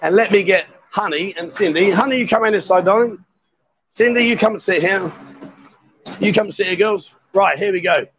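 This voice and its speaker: Man, high voice, jokey live-stream host in a bar, dull lo-fi sound. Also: a little fast, fairly bright tone, husky. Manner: jovial, teasing banter. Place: bar, indoors.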